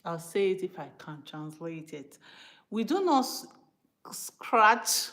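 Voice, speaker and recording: A Nigerian woman from Benin City preaching informally to her live-stream viewers, emphatic and animated, slipping into pidgin and speaking straight to her audience. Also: medium pitch, drawn-out words, long pauses. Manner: emphatic and animated, switching between English and pidgin, asides to the viewers. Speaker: live-stream host teaching from the Bible.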